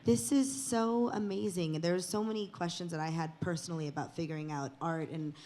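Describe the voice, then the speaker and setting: Actress panelist, woman, low voice, effusive, candid, swears a bit. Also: fairly even intonation, fairly quick, dark tone. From East Los Angeles. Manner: emotional, profane, effusive.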